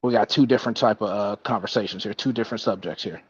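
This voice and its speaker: A man's voice: on the low side, fast, husky, no echo. Man, casual Bible study, hesitant, self-correcting, dull dry recording.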